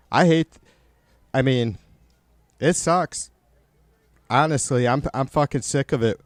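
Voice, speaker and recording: A man's voice: mid-range voice, a little mellow, clear, resonant tone, dry recording. A man live-streaming casual political commentary, swearing a lot and rambling with many restarts as he answers his chat. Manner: profane, rambling with frequent restarts.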